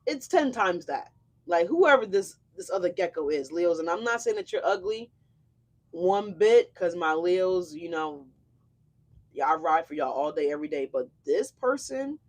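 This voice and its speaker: This tarot reader and channel host speaks at medium pitch and normal speed with lively intonation. Hosting a casual live reading, she talks straight to viewers, effusive, slangy and exclamatory, swearing often.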